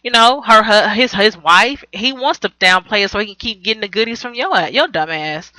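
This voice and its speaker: A woman's voice: medium pitch, animated, normal speed, pushed and bright, no room sound, low-quality recording. A woman recapping a reality TV episode on her vlog, blunt and profane, rambling and correcting herself as she goes. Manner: blunt, profane, sassy commentary; rambling with frequent self-corrections. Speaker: TV recap vlogger.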